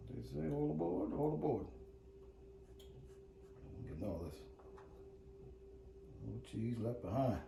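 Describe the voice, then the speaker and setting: A man's voice: fairly low pitch, creaky, reverberant, distant mic, noisy background. A middle-aged man hosting a home cooking vlog in his kitchen, chatty and joking, calling his viewers "cooks".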